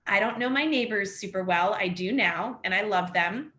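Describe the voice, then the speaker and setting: A woman's voice: mid-range voice, normal speed, bright, forceful tone. A woman in her thirties, a house fire survivor, telling her story on a webinar in a rambling way full of fillers like "like" and "next thing you know.". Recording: echoey room.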